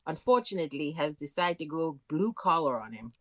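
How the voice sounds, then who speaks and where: Deep-voiced woman giving wry comments. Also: expressive, brisk, dry recording. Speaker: podcast co-host. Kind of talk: casual chat.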